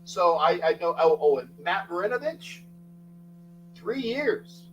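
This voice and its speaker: On a muffled recording from a distant mic with faint mains hum, an older sports talk streamer chats live in a rambling way, naming viewers as he goes. His high voice is animated yet unhurried, and he restarts often.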